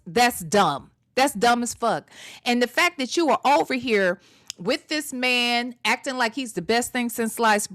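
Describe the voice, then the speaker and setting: A woman's voice: a little high, fairly bright tone. A woman hosts a casual commentary show in a blunt, sassy manner. She scolds freely and speaks straight to her viewers. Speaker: YouTube commentary host.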